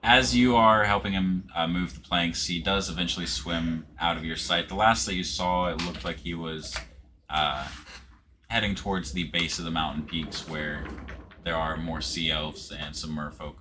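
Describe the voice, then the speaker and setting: A man narrating a tabletop game as game master, in a relaxed way with frequent fillers. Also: low-pitched, moderate pace, background noise. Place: home setup streaming live.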